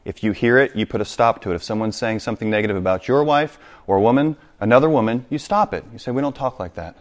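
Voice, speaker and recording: A man's voice: fairly low pitch, fast talker. A man preaching a sermon to his congregation, reading scripture aloud and explaining it with direct appeals to his listeners. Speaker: pastor.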